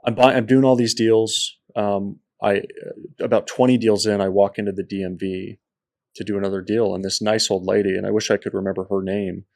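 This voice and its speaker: A man, an entrepreneur guest on a podcast, telling his story in a lively way and acting out the people in it. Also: on the low side, brisk, creaky. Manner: animated storyteller who acts out quoted people. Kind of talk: storytelling interview.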